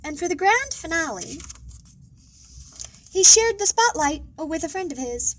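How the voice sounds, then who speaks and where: A woman librarian reading a children's picture book aloud, expressive and playful. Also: very high voice, measured pace, low-quality recording. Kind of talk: children's storytime read-aloud.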